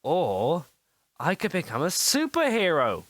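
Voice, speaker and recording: A woman's voice: low voice, huge pitch swings, a little slow, dry recording, heavily acted. A person doing an eager young boy hero. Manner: eager, breathless. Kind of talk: homemade storybook voice acting.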